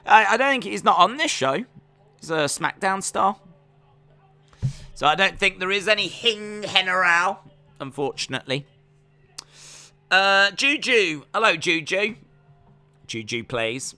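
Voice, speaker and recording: A man's voice: sits high, expressive, moderate pace, pushed and bright, dry recording, soft background music. A man with an English accent casually chatting on a live stream, reading out viewer comments in a rambling, self-deprecating way. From England. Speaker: wrestling watch-along streamer.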